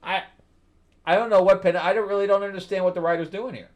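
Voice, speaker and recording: A man hosting a comic book review show, talking casually, bluntly exasperated, laughing often and swinging from low mutters to loud disbelief. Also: steady tone, quick pace. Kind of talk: casual spoken review commentary.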